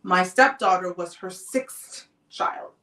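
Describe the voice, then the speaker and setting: Woman host, calm and measured storytelling, roomy sound a little away from the mic. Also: on the low side, distant mic. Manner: calm, deliberate personal storytelling. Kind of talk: live talk show monologue.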